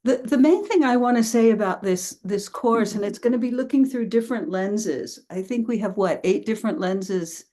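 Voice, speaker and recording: A woman's voice: medium pitch, moderate pace, hardly any pauses, dark tone. A woman teacher introducing a class in a chatty, casual way, laughing easily and swearing now and then.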